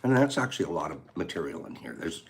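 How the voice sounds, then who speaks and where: A man's voice: low-pitched, sing-song, fast talker, background noise. A man hosting a casual livestream, chatting and answering viewer comments. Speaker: livestream host. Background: faint background music.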